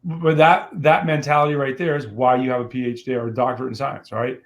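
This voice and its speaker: A man's voice: medium pitch, little pitch movement, fast talker. A man co-hosting a podcast, earnest and encouraging in casual chat. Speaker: podcast co-host.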